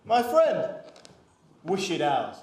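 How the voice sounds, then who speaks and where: An actor playing a witty, scheming young gallant in a live stage play, speaking verse in a declamatory way. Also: male voice, sits high, wildly swooping pitch, extremely slow, a little mellow, full character voice. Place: university theatre stage. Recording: very echoey stage with faint noise.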